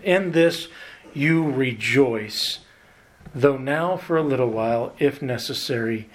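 A man preaching a sermon on a Bible passage, earnest and emphatic, drawing out key words slowly and slipping in light self-deprecating humor. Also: medium pitch.

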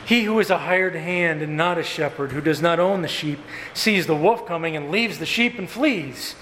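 A man preaching a sermon as pastor, earnest and emphatic, with slow stressed phrases and repetition. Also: on the high side, a bit bright. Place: church sanctuary. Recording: echoey hall with faint room noise.

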